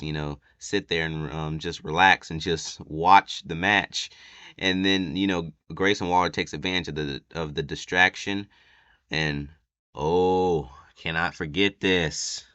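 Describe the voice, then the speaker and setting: A man giving a casual, chatty wrestling recap with lots of fillers, sometimes acting out quotes loudly. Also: low voice, smooth, no echo.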